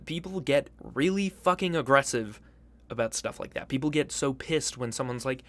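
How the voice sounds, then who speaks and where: A man's voice: mid-range voice, normal speed, fairly bright tone. A man hosting a casual commentary video, profane, joking and hyperbolic. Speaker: YouTube host.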